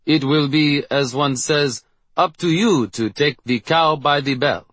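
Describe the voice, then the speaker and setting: A man voicing a bored male high school principal with a put-on French-Canadian accent, booming over a field and mangling idioms. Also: measured pace, fairly bright tone, no echo.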